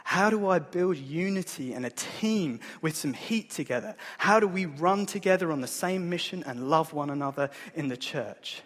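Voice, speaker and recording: A man preaching a sermon in an earnest, conversational way that builds to emphatic points. His voice is husky and sits a little high for a man. It rings with the long reverb of a church hall. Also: expressive, normal speed, few pauses, a bit bright. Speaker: pastor.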